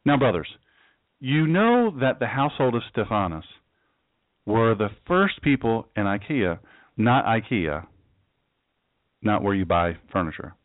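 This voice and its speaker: A man's voice: on the low side, big pitch swings, unhurried, long pauses, no echo. A man giving a casual, folksy Bible teaching as pastor, with joking asides. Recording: dry, tinny phone-like sound.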